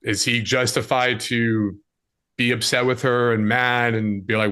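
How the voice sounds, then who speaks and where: A man speaking as a podcast guest, coaching listeners in a direct, plain-spoken way. His voice sits at a middle pitch. He mixes blunt tips with quick examples. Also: fairly bright tone. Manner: direct, coaching, acts out scenes with quoted voices. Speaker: dating and lifestyle coach, guest. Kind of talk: casual podcast conversation.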